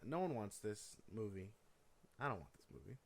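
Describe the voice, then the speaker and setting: A man's voice: on the low side, sing-song, moderate pace, gravelly. A man co-hosting a movie podcast, giving blunt, dismissive takes in casual profane banter. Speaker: podcast co-host.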